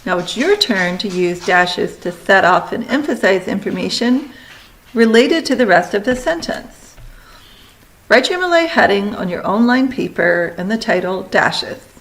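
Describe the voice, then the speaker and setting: A woman teacher talks students through a recorded lesson step by step. Her instructions are brisk and directive, with a mid-range voice. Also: medium pitch, animated, rough recording.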